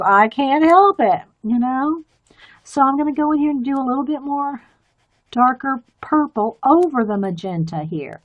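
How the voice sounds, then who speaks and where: A woman's voice: sits high, a bit bright. Chatty woman coloring on a live stream. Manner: chatty, rambling, laughs often. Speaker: artist streaming a coloring demo. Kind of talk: casual chat while drawing.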